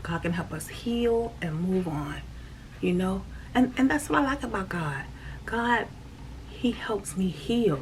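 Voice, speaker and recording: A woman talks about her faith in a casual vlog, earnest and repetitive, and sometimes sinks into a soft, breathy near-whisper. She sits some way from the mic, so her voice sounds distant. Faint noise runs underneath. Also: mid-range voice, lively intonation, a little slow. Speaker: faith vlogger. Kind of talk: casual spiritual talk.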